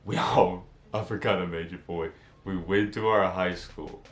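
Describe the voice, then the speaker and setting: A young man telling a casual storytime, slangy and animated, acting out what friends said. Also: sits low, unhurried, reverberant. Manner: animated, slangy, acts out quotes.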